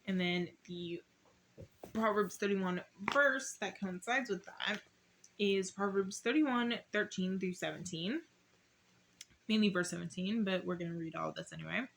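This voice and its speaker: A young woman talks through her Bible study at home in a loose, chatty way, reading passages aloud and then wandering off into her own thoughts. Her voice sounds a little hoarse, as if it is wearing thin. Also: medium pitch, a little slow, fairly bright tone, slight background noise. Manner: chatty, rambling, reads verses aloud. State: slightly hoarse. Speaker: YouTuber doing Bible study. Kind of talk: casual Bible study vlog.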